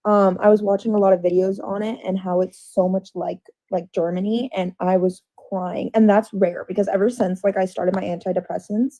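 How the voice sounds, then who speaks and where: A woman's voice: medium pitch, flat delivery, moderate pace, hardly any pauses, warm tone, dry recording, low-quality recording. A teenage girl chatting casually, rambling, with lots of fillers. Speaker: guest. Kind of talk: casual chat.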